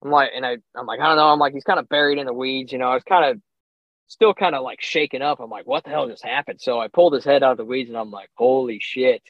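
A man's voice: medium pitch, fast, no room sound. Young man telling a hunting story. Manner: animated, acts out his own reactions with "I'm like", chuckles often. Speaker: podcast guest. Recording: slightly dull, dry sound.

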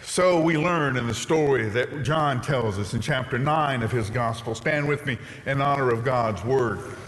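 A man's voice: mid-range voice, measured pace, fairly bright tone. A male pastor preaching a sermon in a church, reading scripture aloud with rising emphasis. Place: church sanctuary. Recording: long reverb in a large hall.

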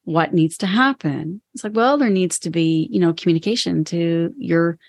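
Woman, podcast co-host, candid, reflective, lowish voice, dry close sound. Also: moderate pace, a little mellow, no echo. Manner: candid, reflective, acts out her inner voice. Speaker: podcast co-host and business owner. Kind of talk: casual podcast conversation.

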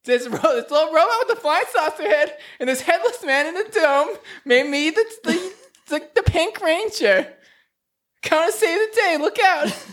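Shrill, panicky old grandma. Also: male voice, expressive, moderate pace, a bit bright. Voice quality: shrill, panicky, cracking into laughter. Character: flustered old grandma flying a robot pterodactyl. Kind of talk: comedic improv on a podcast.

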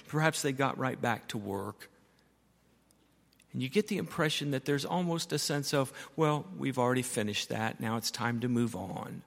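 An older male pastor preaches in a church with a long, ringing reverb. His pitch sits in an ordinary middle range. He tells stories and leans on repeated words to drive his points home. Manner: storytelling preacher, repeats key words for emphasis. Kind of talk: sermon. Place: church sanctuary.

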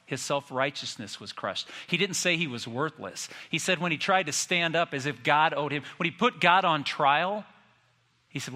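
A man preaching a sermon as a pastor, impassioned, his voice climbing to loud cries when he quotes a lament. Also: a little high, normal speed, big-room sound.

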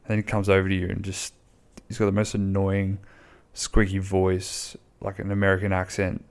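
A man's voice: sits low, monotone, moderate pace. A man, chatting casually and bluntly on his own podcast, rambling and swearing freely. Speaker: podcast host. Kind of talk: casual solo podcast chat.

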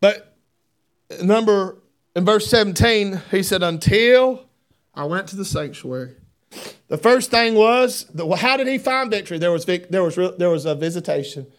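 A man preaching a fervent sermon in church, often repeating words in stammering bursts and building up to shouts. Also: high-pitched, animated, moderate pace. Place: church sanctuary.

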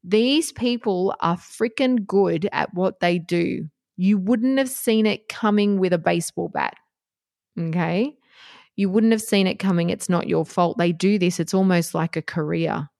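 A woman's voice: fairly low pitch, unhurried, gravelly, darkish tone. A woman talking bluntly and passionately as she gives relationship advice, swearing freely along the way. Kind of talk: casual advice monologue.

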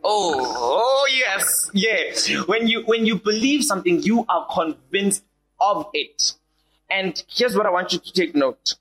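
Animated young preacher. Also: male voice, sits high, slow pace, rough recording. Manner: animated, repeats key lines, rises to shouts. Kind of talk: sermon to a small gathering.

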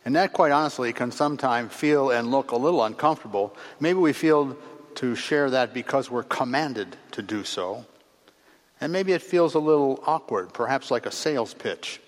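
A man preaching a sermon in a measured, earnest way, pausing between phrases and letting his voice drop at the ends of sentences. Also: medium pitch. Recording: long reverb of a large hall.

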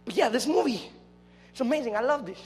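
High-voiced young man preaching in a hall. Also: fast. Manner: playful, joking, bursts into loud excited shouts. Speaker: youth preacher. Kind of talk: casual youth sermon. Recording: long hall reverb with faint music.

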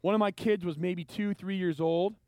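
A man's voice: high voice, fairly even intonation, moderate pace, darkish tone, no echo. A male pastor preaching a sermon, telling stories animatedly and acting out the voices of the people in them.

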